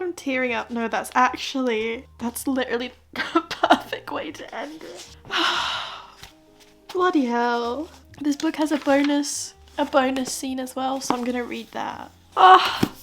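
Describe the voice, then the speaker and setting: Chatty woman gushing about books. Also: medium pitch. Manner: chatty, laughs often. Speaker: book vlogger. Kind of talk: casual reading vlog chat.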